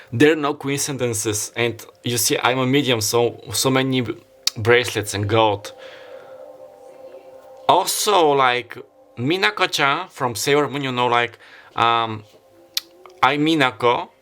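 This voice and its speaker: A man's voice: medium pitch, fairly bright tone. A man who is not a native English speaker gives a casual tarot reading, rambling and hesitant, often stopping to apologize and correct himself. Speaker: tarot reader.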